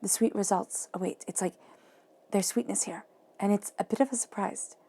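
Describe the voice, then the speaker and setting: A woman giving a monthly tarot reading, talking softly and reflectively and repeating phrases for emphasis. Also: medium pitch, fairly even intonation, normal speed, creaky, breathy edge. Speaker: tarot reader.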